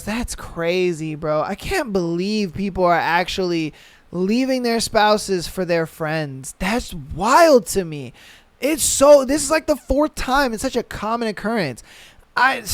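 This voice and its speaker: This podcast host, a man with a mid-level pitch, reacts to read-out listener stories in a slow, deliberate way, full of blunt and profane disbelief. The recording is dry, made close on a podcast mic in a dead room.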